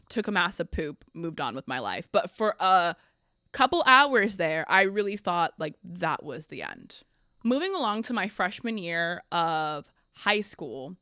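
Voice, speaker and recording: A young woman hosting a podcast, telling funny stories from her life in a chatty, animated way, often laughing. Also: fairly low pitch, clear, resonant tone, dry recording, studio quality. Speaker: podcast host. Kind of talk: casual storytelling.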